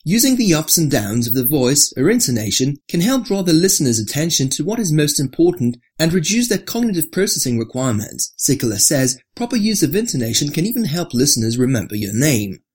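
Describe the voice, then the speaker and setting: Narrator for an article read-through: husky tone, lively pitch, scripted delivery. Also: a little fast, few pauses. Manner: reads with marked rises and drops, lower for attributions.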